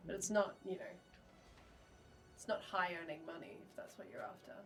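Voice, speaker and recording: A woman's voice: fairly low pitch, normal speed, fairly bright tone, recorded from a distance, faint music behind. A woman playing her character in a tabletop game, dry and teasing. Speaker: player. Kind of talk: in-character tabletop role-play.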